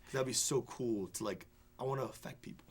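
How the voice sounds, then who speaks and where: A young man, a film critic, telling an animated story in a studio interview, full of fillers and restarts. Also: medium pitch, fast, husky. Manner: excited, rambling anecdotes full of fillers and restarts. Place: television studio before a student audience.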